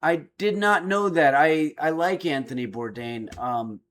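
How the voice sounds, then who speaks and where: A man's voice: fairly high pitch, a little slow. Dry-humored middle-aged man. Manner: dry, joking, reads chat messages aloud. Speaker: streamer reading chat. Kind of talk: casual chat.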